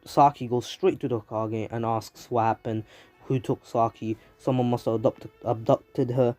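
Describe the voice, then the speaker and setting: A man's voice: medium pitch, fairly even intonation, moderate pace, darkish tone, faint music behind. A young man with a London accent, casually recapping a story at home, rambling with lots of fillers and restarts. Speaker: YouTube anime channel host. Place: home in a city, traffic sirens outside.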